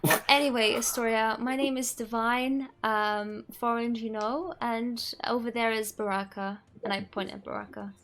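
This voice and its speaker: A chatty woman playing a character in a tabletop game. She giggles often between lines. Her voice sits a little higher than most. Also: fairly even intonation, normal speed, a bit bright. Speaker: player.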